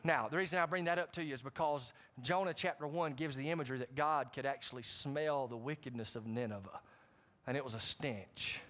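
A middle-aged man preaching a sermon, animated, with sudden loud rises and frequent asides to the congregation. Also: mid-range voice, brisk. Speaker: pastor.

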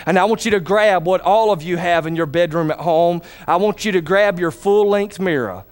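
A man's voice: sits high, normal speed, clean tone. A man preaching a sermon in church who calls for responses from the congregation.

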